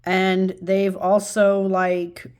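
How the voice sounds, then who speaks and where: A woman in a casual home video, talking through her tarot cards with rambling enthusiasm. Her pitch sits in an ordinary middle range, and her sentences keep restarting and filling with little verbal pauses. She sounds relaxed and informal, like she is chatting with viewers. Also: clear, resonant tone. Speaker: tarot channel host.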